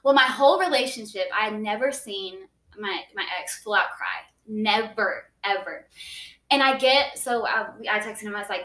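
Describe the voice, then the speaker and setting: A woman's voice: medium pitch, normal speed, fairly bright tone, far from the mic. A young woman telling a personal faith story in casual chat, earnest, with many "like"s and restarts. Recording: echoey room, voice a bit off-mic.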